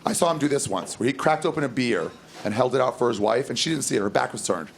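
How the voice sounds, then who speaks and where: A man in his thirties doing a stand-up comedy set on a club stage, telling crude stories in a deadpan way and breaking into loud acted outbursts. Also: medium pitch, fast, creaky, a little hiss or hum. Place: comedy club stage before a live audience. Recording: live club recording, loud laughing crowd.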